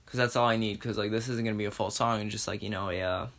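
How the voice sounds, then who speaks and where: A young man hosts a podcast by himself, rambling casually, swearing, and making fun of himself. His voice sits fairly low with a steady, rather bright tone, and he talks fast.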